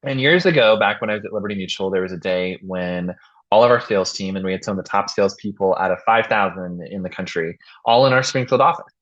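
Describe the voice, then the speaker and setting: A podcast host with a lowish male voice tells a workplace story in a relaxed, lively way and slips into the voices of the people he quotes. The audio is somewhat dull and muffled, like a lo-fi recording. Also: quick pace. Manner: animated, acts out quoted voices. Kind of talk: casual chat and storytelling.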